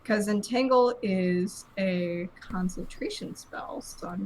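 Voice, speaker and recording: A woman's voice: medium pitch, slow, a little mellow, rough recording. Woman, tabletop player, casual, thinking aloud, faint hiss in background.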